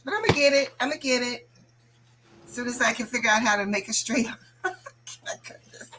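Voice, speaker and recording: A woman hosting a casual crafting livestream, chatting to viewers in an animated, bubbly way. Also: fairly high pitch, brisk, noisy background.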